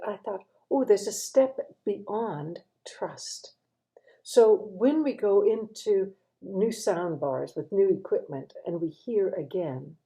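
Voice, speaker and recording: A woman gives a reflective devotional talk at a very unhurried pace. Her voice is deep-toned and mellow, without brightness. She leans into quiet, almost whispered words to stress her points. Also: gravelly, rough recording. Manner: thoughtful, drops to near-whispers for emphasis.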